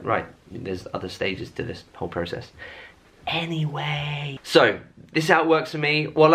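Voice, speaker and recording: Casting: male vlogger, thirties, bright forceful tone, chatty and self-deprecating. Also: medium pitch. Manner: rambling, self-mocking, chatty with many fillers. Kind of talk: casual chat to camera. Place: at home.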